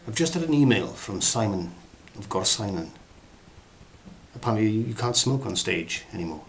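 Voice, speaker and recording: A man from Wales delivers a spoof acting lesson in a deadpan, rambling way, pausing often to search for words. His voice sits fairly low. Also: creaky, a little hiss or hum. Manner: rambling, hesitant, many ums and uhs. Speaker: comedy acting tutor. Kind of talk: deadpan mock masterclass.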